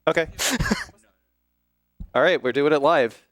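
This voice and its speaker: A man playing through a speedrun live, talking in halting bursts and restarting his sentences. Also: fairly high pitch, a bit bright, no room sound. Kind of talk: casual live-stream talk. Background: game music.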